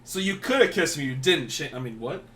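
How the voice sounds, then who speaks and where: A man's voice: on the high side, lively intonation, a little fast, pushed and bright. A man co-hosting a casual podcast, asking teasing questions. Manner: teasing questions, laughs often. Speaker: podcast co-host.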